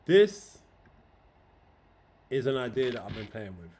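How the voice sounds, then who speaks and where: A man's voice: mid-range voice, very animated, measured pace, darkish tone, slight background noise. A young man chatting casually on a livestream, slangy, swearing freely and emotional. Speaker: streamer.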